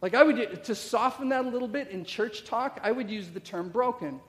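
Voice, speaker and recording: A man's voice: very high-pitched, moderate pace, a bit bright. A middle-aged male pastor preaching a conversational sermon, full of rhetorical questions and frequent "okay?" check-ins to the congregation. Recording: long reverb of a large hall.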